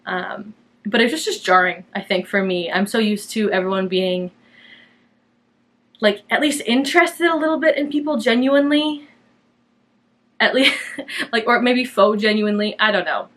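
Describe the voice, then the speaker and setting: A young woman from Canada hosting a knitting podcast in a loose, chatty way. She rambles through her thoughts with plenty of fillers and small restarts, and her voice jumps up brightly whenever she quotes herself. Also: mid-range voice, normal speed, pauses often. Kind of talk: casual chat to camera.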